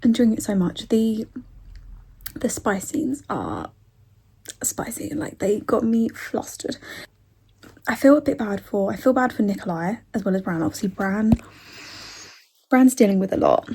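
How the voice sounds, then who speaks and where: A young woman chatting casually in a reading vlog, giggly, with soft whispered asides. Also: medium pitch, unhurried, pauses often, slightly rough. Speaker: book vlogger.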